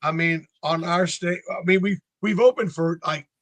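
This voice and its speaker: A man in his sixties from North Carolina, USA, speaks in a high voice at normal speed, slightly bright, on a dry recording. He's a band frontman swapping stories in a casual interview, a chatty storyteller who acts out other people's lines.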